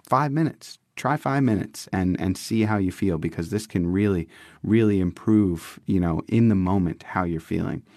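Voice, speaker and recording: A man's voice: low-pitched, moderate pace, darkish tone, dry recording. Enthusiastic man with a dry, close sound. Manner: enthusiastic, frequent restarts and fillers. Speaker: podcast co-host. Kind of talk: casual wellness podcast chat.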